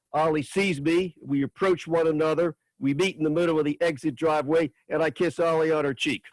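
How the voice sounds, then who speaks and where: Man reading his novel aloud, fairly high. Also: no echo. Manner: steady, measured first-person narration. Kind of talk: reading fiction aloud at an open mic.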